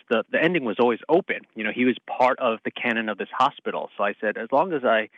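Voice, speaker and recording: A man's voice: medium pitch, a bit bright, dry recording. A man being interviewed as a guest actor over the phone, telling a rambling story and laughing at himself. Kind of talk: casual interview chat. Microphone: phone call. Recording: dull lo-fi phone line.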